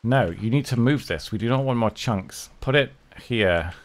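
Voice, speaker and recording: A man's voice: medium pitch, animated, moderate pace. A man casually talking his way through a strategy game as a streamer, chatting and muttering to himself and his characters. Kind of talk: casual gameplay commentary.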